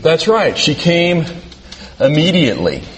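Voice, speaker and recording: A man's voice: on the high side, huge pitch swings, unhurried. A male pastor delivers a conversational sermon, asking his congregation questions and adding dry, self-deprecating asides. His voice carries a long reverb from the hall. A faint hiss stays under it.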